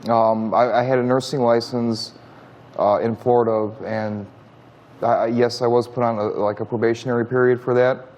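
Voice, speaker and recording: A man in his thirties at a mid pitch, a talk show guest who answers haltingly, restarting his sentences. He sounds defensive as he explains himself. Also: level tone, a little mellow, dull audio. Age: 30s. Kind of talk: studio interview answers.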